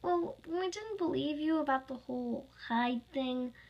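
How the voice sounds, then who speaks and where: A woman's voice: high-pitched, unhurried, muffled recording, voice pushed up. A woman voicing a worried girl trapped inside an animatronic suit, explaining earnestly and pleading.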